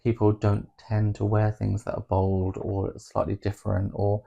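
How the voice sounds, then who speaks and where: Gravelly low-voiced man. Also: completely flat delivery, a little slow, warm tone, muffled recording. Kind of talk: casual chat.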